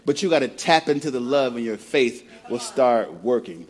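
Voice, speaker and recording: A man's voice: mid-range voice, expressive, moderate pace. Man preaching with stammered repeats. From Midwest of the United States. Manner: conversational preaching with repeated words and call-and-response prompts. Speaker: pastor. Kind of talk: sermon.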